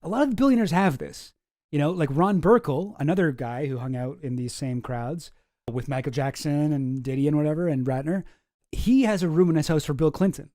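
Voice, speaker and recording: Sarcastic man with a dark voice. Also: on the high side, fairly quick, no echo, studio quality. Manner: sarcastic, deadpan asides. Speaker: host. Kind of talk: commentary reacting to clips.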